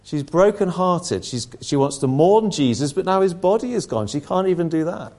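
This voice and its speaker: A man's voice: on the high side, expressive, moderate pace, a little mellow. Man preaching with rising emphasis. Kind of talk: sermon.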